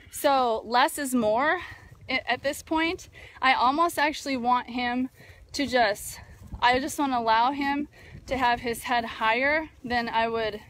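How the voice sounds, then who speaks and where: A woman's voice: fairly high pitch, fairly bright tone. A woman hosting a live video about horse training, talking casually with many fillers, outdoors near a barn with a phone. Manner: thoughtful, many fillers and restarts. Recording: faint wind noise outdoors. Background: wind noise.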